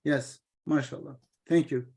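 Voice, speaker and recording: A middle-aged man whose first language is Turkish leads an informal study session on translating scripture. He explains haltingly, with lots of fillers and restarts, in a voice a bit high for a man that is fairly even in intonation, slightly mellow, and touched with vocal fry.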